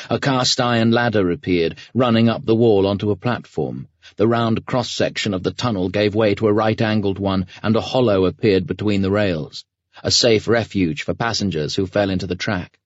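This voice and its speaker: A man with a very deep, low voice narrates an audiobook in a measured, even manner. The recording is dry and a little muffled, with a dull, lo-fi tone. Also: dry recording. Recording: dry, muffled studio read.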